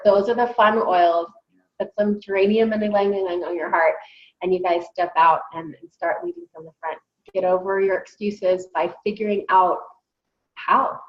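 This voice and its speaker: A woman's voice: medium pitch, fairly even intonation, normal speed. Chatty woman host, roomy dull sound. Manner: chatty storyteller, acts out her own quotes. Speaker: podcast host. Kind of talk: casual chat.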